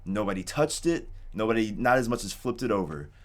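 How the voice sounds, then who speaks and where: An American man in a casual interview, talking in a relaxed, rambling way with lots of "like". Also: fairly low pitch, brisk. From United States. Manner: relaxed, rambling, heavy use of "like". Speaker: interviewee, game designer in Japan. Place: home streaming setup.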